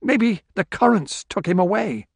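A man's voice: high-pitched, animated, unhurried, creaky, slightly rough, no room sound, clean studio sound, pitched above the performer's own voice, heavily acted. A man reading a desperate, strained man whose voice is near breaking, pleading and raising his voice.

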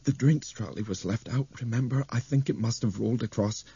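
A man voicing a shaken passenger who speaks in a low, dry, strained way. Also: a little fast, gravelly, dark tone, breathy edge, muffled recording.

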